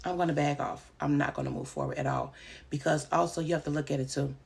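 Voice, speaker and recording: A woman's voice: deep voice, wildly swooping pitch, quick pace, creaky, a little mellow. A woman who runs a home daycare, giving casual advice in a vlog and stressing her points by repeating them.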